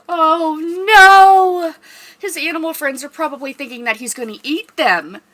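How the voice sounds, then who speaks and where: A young woman practices leading story time for small children, reading a picture book in a bright, sing-song voice. Her pitch sits a little high and bounces widely. She takes her time and breaks into animal noises.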